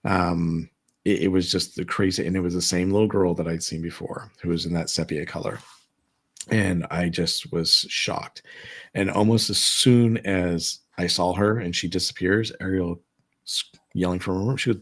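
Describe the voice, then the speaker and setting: A man's voice: low-pitched, fairly even intonation, normal speed, husky. A man at home telling his own ghost stories in a casual, rambling way, with many fillers and restarts. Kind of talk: casual storytelling chat. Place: his own home, seated at dining table.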